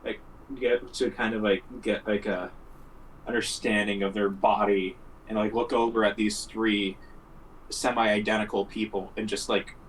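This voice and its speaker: Male player, low and very slow, halting with fillers; sounds distant from the mic. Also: flat delivery, slight background noise. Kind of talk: describing character actions in a tabletop game.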